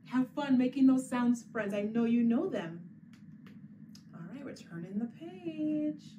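A woman librarian reads a picture book aloud to young children in an unhurried, sing-song way, playing the animal sounds. Her voice sits high and swoops widely as she coaxes her unseen listeners along. The mic is a little way off, with a faint hum behind her. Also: sing-song. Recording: distant mic with faint background noise.

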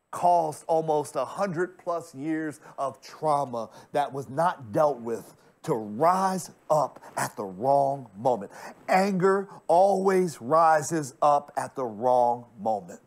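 A man preaching a sermon in a slightly high voice, taking his time over every line. He swings from loud, stretched-out words to near-hushed asides and speaks straight to the congregation. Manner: addresses the congregation directly. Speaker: pastor.

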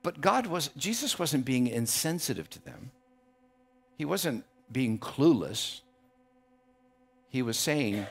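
A man's voice: medium pitch, very animated, slow, gravelly, long pauses, husky. A man preaching a sermon as a pastor, emphatic and building to impassioned passages, often repeating words as he builds a point. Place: church.

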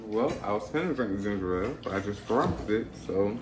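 A man's voice: lowish voice, a little fast, noisy background. A young man vlogging at home while sick, chatting casually and swearing, his tongue sore from a bite. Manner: chatty, animated, swears freely, talks straight to viewers. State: sick with food poisoning, bitten sore tongue. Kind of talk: casual vlog talk to camera. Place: at home in his apartment, indoors. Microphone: camera on a tripod.

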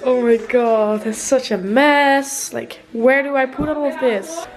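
A woman's voice: sits high, steady tone, takes it slowly, low-quality recording. A young woman from the Netherlands, giving a casual, giggly vlog tour of a new apartment, laughing often and swearing freely. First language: Dutch. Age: young adult. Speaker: vlogger.

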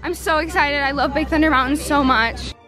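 A young woman vlogging a theme park day outdoors on a handheld camera, bubbly and squealing with excitement. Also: high voice, brisk, low-quality recording. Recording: busy crowd and music behind. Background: crowd and music.

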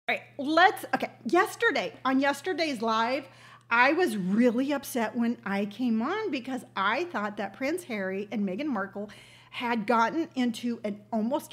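A woman's voice: a little high, a bit bright. An older woman hosting a casual livestream, telling stories in a chatty, emotional way. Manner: chatty storytelling, emotional and tearful at moments. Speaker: livestream host. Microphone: webcam on a livestream.

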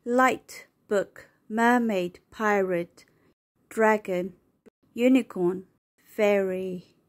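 A woman reading a children's first words book aloud, slowly and clearly, one word at a time. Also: medium pitch.

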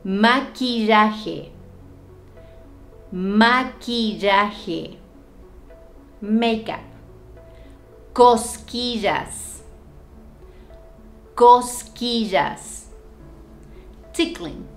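A young woman giving a language lesson, saying each word twice with clear, careful enunciation before its English meaning. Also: a little high, drawn-out words, long pauses, soft background music. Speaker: Spanish teacher.

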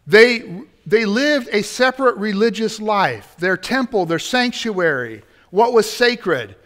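A man's voice: high voice, very animated, a little slow, fairly bright tone. A man preaching a sermon in a church, building to emphatic points and turning to the congregation with asides. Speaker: pastor. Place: church sanctuary.

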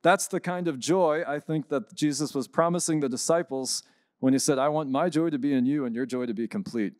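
A man, a priest, giving a conference talk and telling a story, lively and acting out the people he quotes. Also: a little high, brisk, dry recording, clean studio sound. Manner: animated storyteller, acts out quoted voices.

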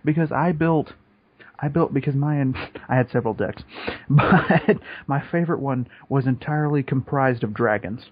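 A man's voice: mid-range voice, normal speed, breathy edge. A young man co-hosting a podcast, talking in a profane, laid-back, joking way. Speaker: podcast co-host. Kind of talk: casual chat. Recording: dull lo-fi podcast audio.

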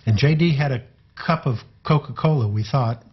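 An older man, a former tour manager, telling personal anecdotes in a relaxed, halting way. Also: mid-range voice, slightly rough, muffled recording. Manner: relaxed, halting storyteller with fillers.

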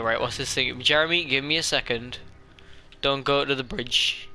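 A young man giving excitable let's-play commentary, jokey and chatty, talking back to the characters on screen. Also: mid-range voice, normal speed, a little hiss or hum. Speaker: gaming YouTuber.

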